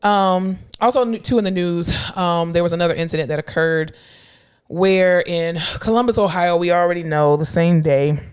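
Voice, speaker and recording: Blunt, animated woman podcast host. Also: on the low side, normal speed, clean tone. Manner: blunt, animated storytelling with voiced quotes. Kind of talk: casual chat.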